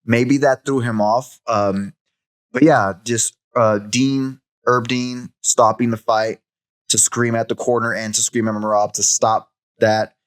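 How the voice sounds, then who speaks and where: Male co-host, casual fight talk, lively and laughing, mid register. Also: medium pitch, measured pace. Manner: animated, laughs often, repeats words. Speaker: podcast co-host. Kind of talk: casual fight recap chat.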